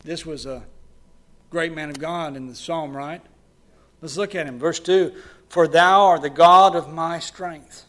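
A man preaches to his congregation. His voice sits high and bright. He drops to quiet, close passages, then climbs into loud, urgent pleading. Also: fairly even intonation, unhurried. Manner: swings between loud fervent preaching and quiet hushed passages. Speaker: pastor. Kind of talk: sermon.

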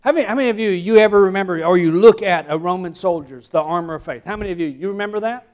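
A man with a Southern American accent preaching a sermon, swinging from quiet asides to loud, emphatic declarations. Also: high voice, racing. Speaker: pastor.

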